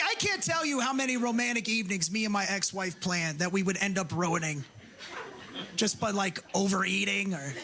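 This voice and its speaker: Middle-aged male stand-up, brash and profane, high voice, live club sound with audible room noise. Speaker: stand-up comedian. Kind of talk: stand-up routine. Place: comedy club stage with laughing audience.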